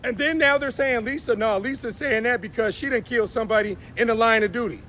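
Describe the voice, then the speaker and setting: Fast, pushed, and bright, a very high male voice carries a fiery live rant from a downtown city street, with a little hiss or hum. The man hosts his own show and confrontationally calls people out by name.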